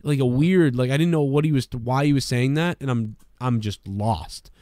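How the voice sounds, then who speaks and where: A man's voice: mid-range voice, normal speed, a little mellow, no echo, clean studio sound. A man telling a rambling, profane bar story in casual talk on a podcast. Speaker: podcast co-host.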